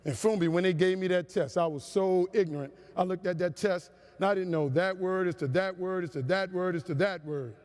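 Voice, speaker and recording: A man giving a humorous motivational keynote to a conference crowd, with an animated, preacher-like cadence. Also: sits high, a little fast, few pauses. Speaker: motivational speaker. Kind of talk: storytelling keynote speech. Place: large conference hall. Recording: long hall reverb.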